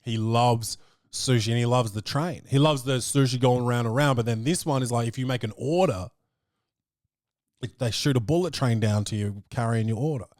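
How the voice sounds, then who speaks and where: A man's voice: medium pitch, normal speed, darkish tone, no echo. Podcast guy ranting through a funny story, swears a ton, dry close sound. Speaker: podcast host. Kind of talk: comic storytelling.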